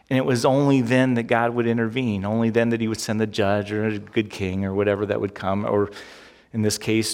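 A man preaching a sermon as pastor, animated and emphatic, with many rhetorical questions. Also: mid-range voice. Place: church sanctuary. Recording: long hall reverb.

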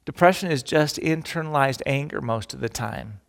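A middle-aged man preaching a sermon, animated and emphatic, acting out the quotes he tells. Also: mid-range voice, moderate pace, creaky, in a large hall. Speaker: pastor.

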